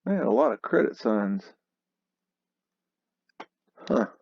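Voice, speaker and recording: A man's voice: lowish voice, sing-song, slow, vocal fry, darkish tone, slightly rough, no room sound, highs cut off. A man hosting a casual commentary over old photos, scoffing and exclamatory, with a mocking edge. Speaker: host.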